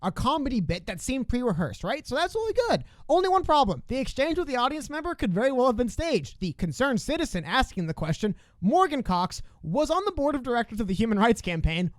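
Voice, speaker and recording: A man co-hosting a casual political podcast, talking quickly with sarcastic asides. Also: very high-pitched, very animated, no room sound. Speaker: podcast co-host.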